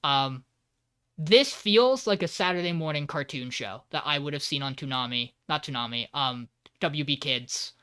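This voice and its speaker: A man's voice: fairly high pitch, moderate pace, clean tone. A man co-hosting a podcast, recapping an anime episode in casual chat and acting out the characters' lines as he goes. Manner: animated, acts out character lines while recapping. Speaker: podcast co-host.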